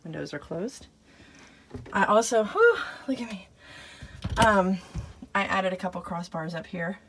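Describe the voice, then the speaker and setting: A woman's voice: medium pitch, unhurried, a bit bright, a little hiss or hum. A woman vlogging casually inside her RV, chatty and laughing at herself, out of breath from the chores. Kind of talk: casual vlog, talking to camera while doing chores. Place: inside a small RV.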